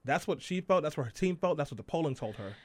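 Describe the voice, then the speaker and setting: Fast-talking bantering male host. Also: on the high side, expressive, darkish tone. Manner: joking, teasing, quick banter. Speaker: podcast host. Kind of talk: casual panel chat.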